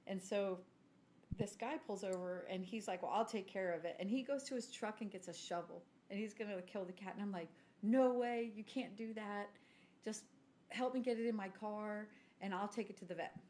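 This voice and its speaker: A woman tells a long story in casual podcast chat. She mocks herself and clears her throat now and then. A faint hiss sits under the recording. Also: medium pitch, a little fast, darkish tone. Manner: chatty, self-mocking, clears throat often. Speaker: podcast co-host.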